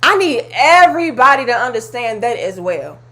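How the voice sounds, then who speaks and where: Commentary host, woman, high voice, blunt heated rant, swears a lot. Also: very animated, normal speed, pushed and bright. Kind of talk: reacting to clips, ranting commentary.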